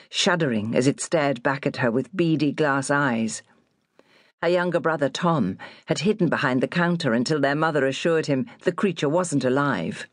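A woman's voice: deep voice, no echo, clean studio sound. Woman narrating an audiobook expressively. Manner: expressive storytelling reading. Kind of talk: scripted narration.

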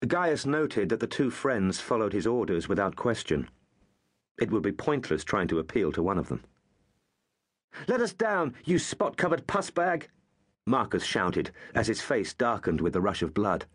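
A man narrating an audiobook with measured, expressive storytelling. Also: fairly low pitch, breathy edge.

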